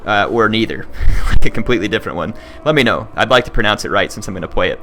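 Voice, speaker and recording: A man's voice: fairly low pitch, lively intonation, quick pace, sharp tone. A man talking casually to his viewers as a gaming video host, earnest and rambling with frequent restarts. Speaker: gaming YouTuber.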